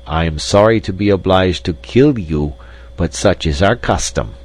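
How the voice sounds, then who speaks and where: A man voicing a big, scornful desert chief with a gruff manner. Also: deep voice, normal speed.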